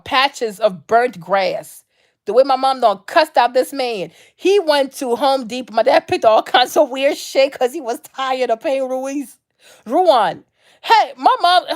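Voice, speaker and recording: A woman vlogger delivering an unscripted rant, blunt and heavy on the swearing. She leans on slang and circles back to the same lines again and again. Her voice sits slightly higher than average. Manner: blunt, profane, repetitive, slangy. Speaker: vlog host.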